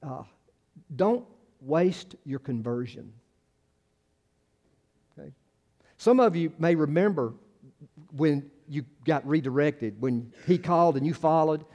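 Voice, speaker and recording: A man's voice: on the high side, animated, slow pace, pauses often, warm tone, lo-fi sound. A male pastor, preaching a conversational sermon full of restarts and acted-out quotes.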